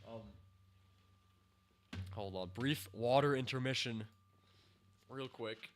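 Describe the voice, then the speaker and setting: A man hosts a casual stream reviewing a TV season scene by scene, rambling with fillers and bursting into excited cheers and laughter. His voice is mid-range and slow, with a little hiss or hum in the audio.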